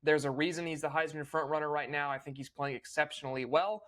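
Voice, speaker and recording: A young man hosting a casual recap, opinionated and fluent, with quick small restarts. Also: on the high side, fairly even intonation, fairly bright tone. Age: young adult. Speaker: host.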